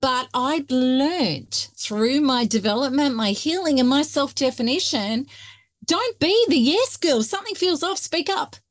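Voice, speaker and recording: A woman, a guest expert, talking emphatically and passionately in an interview, telling her story with lively emphasis. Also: high-pitched, a little slow, no room sound, studio quality. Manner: emphatic, passionate, often acting out quoted voices. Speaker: guest expert on narcissistic abuse.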